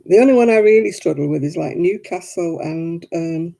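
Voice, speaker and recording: A woman from Oldham with a softened northern English accent, chatting casually on her crafting video and laughing often. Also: fairly low pitch, animated, normal speed, vocal fry. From Oldham, England. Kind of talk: casual chat.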